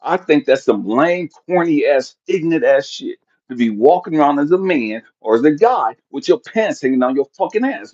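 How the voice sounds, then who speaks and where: A middle-aged man giving a blunt, profane motivational talk, animated and jumping to shouts for emphasis. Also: a little high, normal speed, hardly any pauses, lo-fi sound. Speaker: motivational speaker.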